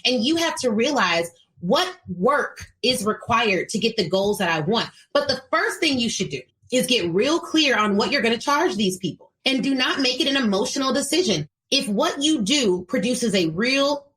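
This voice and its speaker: An American woman hosts her own show and coaches speakers on business, addressing listeners head-on with emphatic, preachy conviction. Her fairly high voice swings widely in pitch as she presses each point home. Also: a bit bright. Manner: plays quoted voices in her retelling. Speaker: podcast host and speaking coach. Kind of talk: solo motivational business talk.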